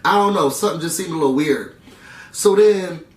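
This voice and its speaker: A man chatting through a casual TV recap, animated and slangy, full of asides to his viewers. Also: fairly high pitch, fairly quick, distant mic, slight background noise. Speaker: reality TV recap vlogger. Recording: roomy room sound, away from the mic.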